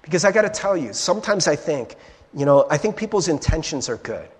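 A male pastor delivers a conversational, animated sermon in a church sanctuary, repeatedly checking in with "right?" His voice is on the high side and fairly quick, echoing with a large hall's long reverb.

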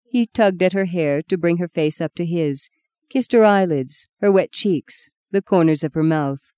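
A woman narrates an audiobook in a measured, intimate manner. Her voice sits low and mellow, and the recording is dry and close. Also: dry recording.

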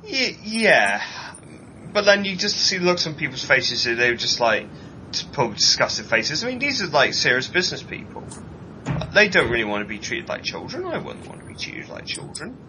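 A man co-hosting a casual chat show, ranting animatedly and mocking people in put-on high voices. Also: sing-song, moderate pace, noisy background. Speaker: podcast co-host.

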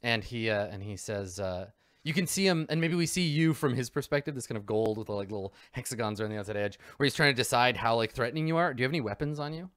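A man's voice: mid-range voice, lively intonation, fast, fairly bright tone, no echo, studio quality. Man running a tabletop game. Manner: loose, filler-heavy narration. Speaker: game master.

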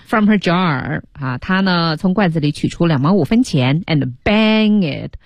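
A woman hosting a radio English lesson in a studio, explaining phrases with lively, drawn-out emphasis. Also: on the low side, dry recording. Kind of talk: bilingual teaching commentary.

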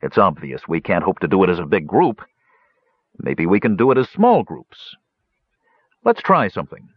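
A man's voice: low-pitched, big pitch swings, normal speed, slightly rough, no room sound, exaggerated voice. A man voicing a jovial male hill dwarf in an audiobook, in a blunt, amused way. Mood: wry. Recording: dull lo-fi recording.

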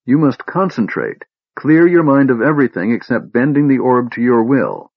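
Storybook creature: man putting on a small fretful kender, shrill and faltering, higher than his own voice, dry sound. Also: animated, normal speed, husky, no room sound, lo-fi sound. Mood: pleading. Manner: pleading, faltering. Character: small male kender, anxious and pleading.

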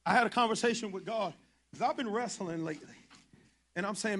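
A man's voice: sits high, fairly quick, long pauses, fairly bright tone. A man preaching a sermon to his congregation, impassioned and colloquial, driving his points home through repetition.

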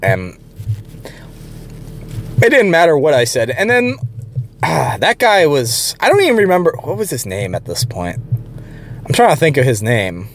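Young male vlogger, slightly higher voice, casual profane rant, loose and rambling. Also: wildly swooping pitch, normal speed, pauses often, soft background music. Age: young adult. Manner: blunt, profane, rambling with restarts. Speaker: channel host.

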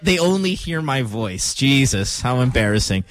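A man hosting a morning radio show in a studio, talking casually in an animated, joking, playfully dramatic way. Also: on the high side, normal speed, dry recording. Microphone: studio microphone.

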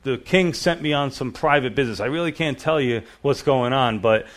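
A man's voice: medium pitch, moderate pace, close to an everyday voice. A man voicing a young fugitive leader fibbing casually to a priest for food, in a sermon retelling. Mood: wheedling. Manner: wheedling, casual persuasion. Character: fugitive future king, young man, smooth-talking.

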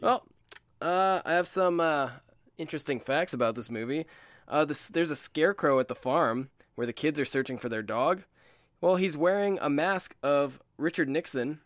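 A man with a somewhat high voice hosts a casual podcast, chatty and quick to laugh as he introduces segments. His voice is recorded close and dry, with no room sound. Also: a bit bright, no echo. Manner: chatty, laughs between phrases. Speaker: podcast host.

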